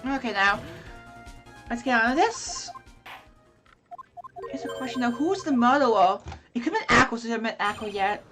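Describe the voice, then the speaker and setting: A woman's voice: on the high side, expressive, normal speed, pauses often, over music. Chatty woman gaming streamer. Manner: chatty, apologetic to chat. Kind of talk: casual gaming commentary.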